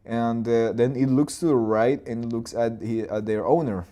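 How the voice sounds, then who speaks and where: A man in his twenties or thirties hosting a live storyboarding session, talking loosely through his ideas, with restarts and boom and plop sound effects. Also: normal speed, warm tone. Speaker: animator and channel host.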